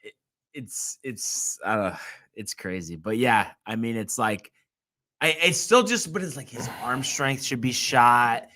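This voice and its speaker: A man hosting a casual sports podcast, his voice bright and forward at a middle pitch. He speaks in halting bursts, often restarting his sentences as he leads into each new topic. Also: lively intonation. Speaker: host.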